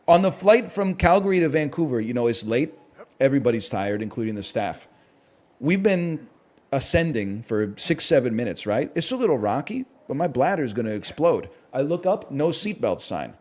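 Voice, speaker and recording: A male game streamer telling a long story in loose, rambling chat. He talks with wry, profane energy and jumps into little acted-out quotes, at a middling pitch for a man. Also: a little mellow. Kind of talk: casual rambling storytelling while gaming.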